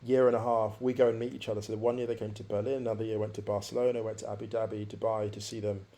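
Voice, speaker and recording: A man's voice: fairly low pitch, little pitch movement, very fast, warm tone. A man around forty, a podcast guest, reflectively telling his life story and repeating phrases for emphasis.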